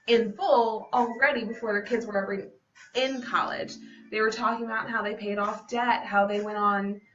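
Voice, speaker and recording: A woman's voice: mid-range voice, pushed and bright, a little hiss or hum. A young woman, a fitness business coach, talking to camera at home in an earnest, personal, casual way. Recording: dull, slightly distant home recording.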